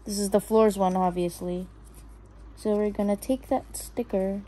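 This woman's voice is medium in pitch, steady, a little slow and dark, captured on a rough recording. As she unboxes and assembles a toy house, the vlogger talks to herself casually and nervously, worried about messing it up and saying again and again that she's scared.

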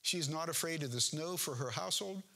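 Bright, husky older male pastor. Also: a little high, fast talker. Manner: homespun, joking asides between verses. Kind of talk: folksy sermon with scripture reading.

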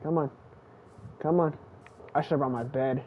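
A young man giving casual live commentary while playing a game, excitable and swinging between muttering and squealing. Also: a little high, a little slow. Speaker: gaming streamer. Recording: tinny phone-like stream audio, faint noise.

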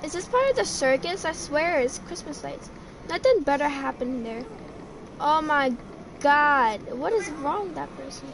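A woman's voice: sits high, expressive, unhurried, background noise. A woman giving live commentary on a horror game, jumpy and stammering, full of exclamations. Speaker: gamer streaming a horror ride.

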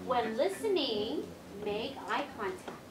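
A woman teaching first graders, giving slow, clear instructions to the class. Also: fairly high pitch, big pitch swings. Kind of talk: classroom lesson. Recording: echoey classroom, distant mic, noisy.

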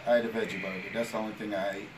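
A man's voice: lowish voice, flat delivery, racing, a little hiss or hum, low-quality recording. A man chatting as a guest on a live radio show, hesitant and full of ums and restarts. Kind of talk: casual chat. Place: radio studio.

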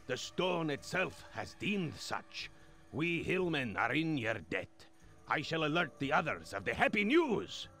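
A solemn old hillman from a video game, booming his archaic proclamations in a gravelly voice. His pitch sits fairly high and swings widely, with game music under him. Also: big pitch swings, a little slow, bright, forceful tone, exaggerated voice. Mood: proclaiming. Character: solemn older male hillman leader, formal.

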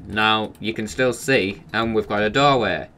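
A man's voice: lowish voice, a little slow, sharp tone, a little hiss or hum. Playful British guy gaming on a call. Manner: playful, goofy, jokey. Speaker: gaming channel host. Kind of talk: casual gameplay banter. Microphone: voice call mic.

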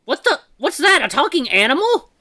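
A game streamer voicing the bewildered, flustered castaway hero of a visual novel, with high, excited exclamations. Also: a little fast. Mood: confused.

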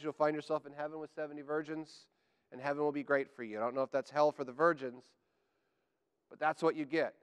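A man preaching a sermon to a congregation, animated and joking, building up to emphatic declarations. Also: a little high, clean tone. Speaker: pastor. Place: church sanctuary. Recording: church hall with long reverb.

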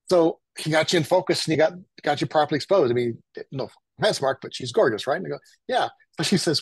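An older man spins a long story in a husky, slightly breathy voice. He talks casually and acts out the other people's lines as he goes. The sound is dry and close. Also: on the high side, fast talker, hardly any pauses, no room sound, rough recording. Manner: animated anecdotal, acts out quotes. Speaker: photographer guest.

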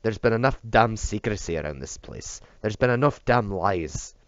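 A man's voice: a bass voice, moderate pace, darkish tone, dry recording. A man reading aloud voices a drunk, furious male bodyguard who slurs and roars, on a dull, dry recording. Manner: slurred, roaring.

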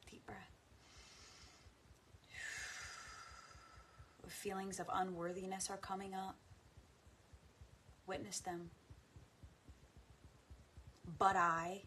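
A woman guiding a tapping meditation, speaking affirmations slowly and softly with deep sighs between them. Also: flat delivery, a little hiss or hum. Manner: slow, soft and soothing, with frequent deep sighs. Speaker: guided tapping practice leader.

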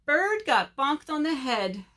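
A thoughtful storybook sheep, full of ideas, speaking in a calm, lower and unhurried voice, as a woman reads her aloud. Her suggestions come out gently. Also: full character voice.

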